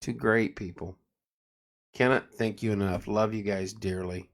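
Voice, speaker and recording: A man's voice: on the low side, fairly even intonation, a little slow. A tired man hosting a casual late-night livestream, joking around and reading viewer comments aloud. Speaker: livestream host.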